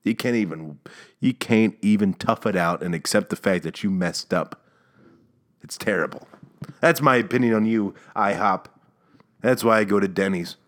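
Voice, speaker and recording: Low-voiced male podcast host, sarcastic solo rant, stammery restarts. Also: moderate pace, a bit bright. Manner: sarcastic, rambling, with stammered restarts and mock outrage.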